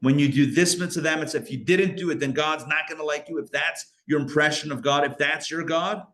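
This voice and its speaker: A male rabbi teaching a live Kabbalah class, animated, asking rhetorical questions and breaking off his own sentences. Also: a little high, brisk.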